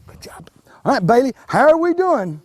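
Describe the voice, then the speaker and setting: A man, a wildlife educator giving a live demonstration to children, folksy and animated, restarting words with plenty of fillers. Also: extremely high pitch, moderate pace. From Kentucky.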